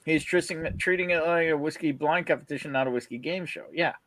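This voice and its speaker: A man hosting a casual livestream chat, excitable and swearing, laughing often. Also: fairly high pitch, fairly quick, dry recording. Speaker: host.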